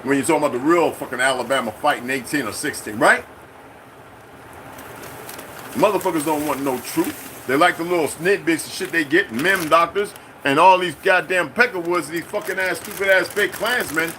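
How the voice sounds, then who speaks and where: A man's voice: a little high, brisk, bright, forceful tone, slight background noise. A middle-aged man hosting his own channel, ranting unscripted, profane and confrontational. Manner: mimics other people in quoted exchanges. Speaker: channel host. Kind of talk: unscripted political rant.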